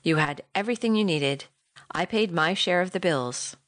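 Audiobook part: a woman doing a calm, cold husband who mocks, low and dry. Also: moderate pace, no room sound. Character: cold, mocking middle-aged husband. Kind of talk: audiobook narration.

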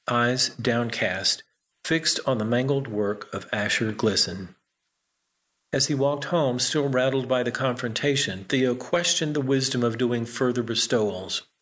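Guy reading a story aloud, steady and even, middle voice. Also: mid-range voice. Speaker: audiobook narrator. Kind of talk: scripted narration.

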